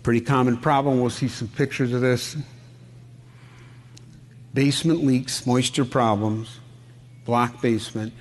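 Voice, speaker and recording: Speaking at a medium pitch with fairly even intonation, this middle-aged Wisconsin home inspector keeps a measured pace and pauses often. His seminar talk is conversational and folksy, full of anecdotes and questions put to the audience.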